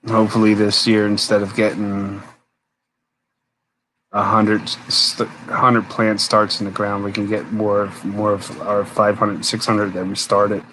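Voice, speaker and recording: A man's voice: fairly low pitch, completely flat delivery, unhurried, fairly bright tone, a little hiss or hum, low-quality recording. A man hosting a casual late-night live stream, rambling, answering viewers' comments, tired and yawning. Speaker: homesteader live-stream host.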